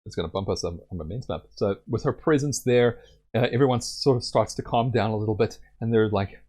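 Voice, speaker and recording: A man's voice: fairly low pitch, fairly quick, darkish tone. A young man narrating a solo tabletop game in a rambling way with many fillers.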